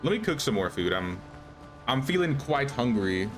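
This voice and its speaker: A young male streamer talks in a sing-song, mid-range voice at a moderate pace, with soft music in the background. His casual live commentary on a survival game wanders as he thinks aloud and keeps restarting his phrases.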